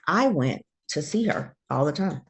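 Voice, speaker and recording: A woman's voice: low voice, normal speed, creaky. A woman, a guest telling her own story in a casual interview and acting out the voices of the people in it. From Georgia, USA. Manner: animated storyteller who acts out quoted voices.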